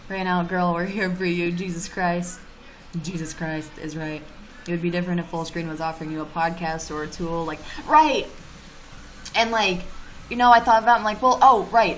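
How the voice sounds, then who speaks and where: Woman venting on a livestream, low-ish voice, cusses a lot, faint hiss behind her. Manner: blunt, swears freely, animated ranting. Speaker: YouTuber streaming live. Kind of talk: casual livestream chat reading comments.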